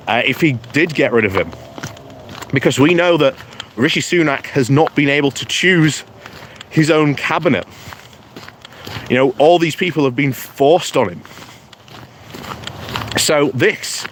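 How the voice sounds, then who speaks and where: A man's voice: medium pitch, a little hiss or hum. A man giving casual live-stream commentary outdoors on a morning walk, rambling, chuckling often and greeting viewers by name. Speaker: political vlogger reading live chat.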